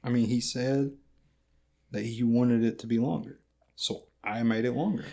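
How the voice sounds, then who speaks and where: Flat-voiced low-key Kentucky man. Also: normal speed, creaky. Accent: Eastern Kentucky. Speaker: podcast co-host. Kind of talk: casual chat.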